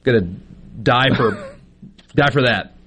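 A man's voice: medium pitch, takes it slowly, a bit bright. A man, co-hosting a sports radio show in casual, joking banter. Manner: joking, self-deprecating banter.

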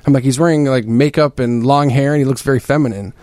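A man's voice: mid-range voice, fairly even intonation, fast, darkish tone, no room sound. A man co-hosting a casual podcast, chatting with wry, joking asides. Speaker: podcast co-host. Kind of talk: casual chat.

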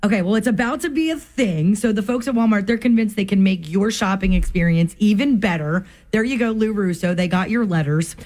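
A woman's voice: mid-range voice, brisk, hardly any pauses, a little mellow. A young woman with a New Jersey accent, co-hosting a radio morning show and telling stories in chatty, upbeat banter. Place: radio studio.

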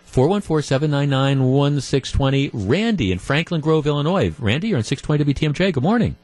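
A man's voice: a little high, lively intonation, fairly quick, darkish tone, no echo. Man hosting a dry-sounding radio call-in show. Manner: conversational, retells a story with quoted voices. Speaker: radio talk show host. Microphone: studio microphone.

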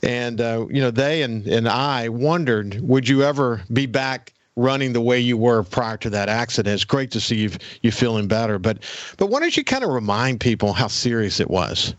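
A man's voice: mid-range voice, lively intonation, moderate pace, no room sound. Earnest male radio host, dry sound. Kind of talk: interview questions. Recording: dry, dull radio studio recording.

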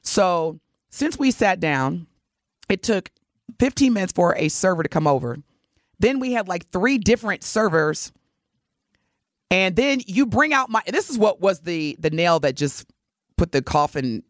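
A woman co-hosting a radio talk show, telling a story with animated flair and laughing as she talks. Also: on the low side, normal speed, no echo, studio quality. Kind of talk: casual radio banter. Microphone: studio microphone.

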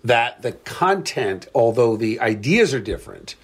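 A man's voice: mid-range voice, big pitch swings, unhurried, husky. A man with a South Jersey accent hosting a radio show, teasing his co-host and taking contrarian positions in casual banter.

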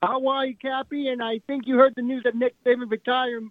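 A man's voice: very high voice, little pitch movement, a little fast, no room sound. A man calling in to a sports radio show, talking in a rambling, insistent way. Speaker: caller. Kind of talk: call-in radio talk. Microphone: telephone. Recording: tinny phone line.

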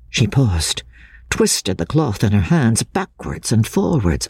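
A man narrating a classic novel in first person with a dramatic, expressive reading. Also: mid-range voice, slow, breathy edge, dry recording. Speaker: audiobook narrator.

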